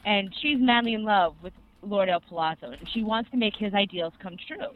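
A young adult co-host excitedly rambling through an anime recap in casual podcast chat, full of fillers. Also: medium pitch, brisk. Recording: tinny phone-like sound.

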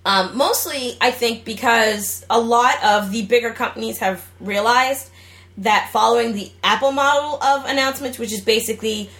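A woman's voice: fairly high pitch, moderate pace, a bit bright. Bubbly young woman podcast host. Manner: bubbly, jokey, rambling with fillers. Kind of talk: casual podcast chat.

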